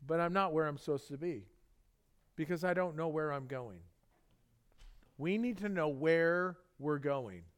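A man giving a relaxed, conversational sermon, his voice sitting a bit high for a man. He tells everyday stories and acts out little bits of dialogue as he preaches. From Southern California. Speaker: pastor. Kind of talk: casual sermon.

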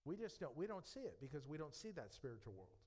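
A man's voice: on the high side, big pitch swings, fast, darkish tone, breathy edge. A man preaching a sermon as pastor, earnest and conversational, with frequent fillers and restarts.

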